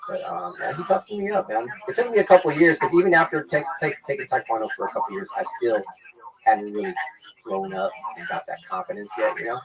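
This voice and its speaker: A man's voice: medium pitch, fast talker, a crowd in the background, rough recording. A man telling stories from his childhood in a casual interview, rambling and loose, filling his talk with "man" and "you know.". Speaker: interview guest. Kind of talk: casual storytelling.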